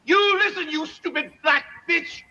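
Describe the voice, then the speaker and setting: An actor playing a furious male slave owner in his sixties who yells insults in a dubbed film. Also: a little slow, exaggerated voice. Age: 60s. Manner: shrill, yelling insults. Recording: dull lo-fi film audio.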